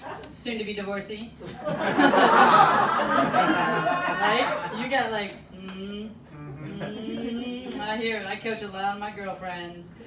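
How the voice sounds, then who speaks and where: A woman's voice: mid-range voice, takes it slowly, pauses often, very noisy. A woman in her thirties from Alaska with an American accent, doing a brash, profane stand-up set and talking straight to the crowd on a club stage. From Alaska, USA. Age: 30s. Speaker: stand-up comedian. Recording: roomy club sound from a distance, audience audible.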